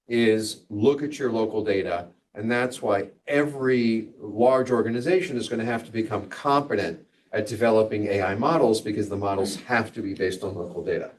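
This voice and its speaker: A man's voice: medium pitch, darkish tone, recorded from a distance. A man giving a hospital grand rounds lecture as a physician, conversational and digressive with wry asides.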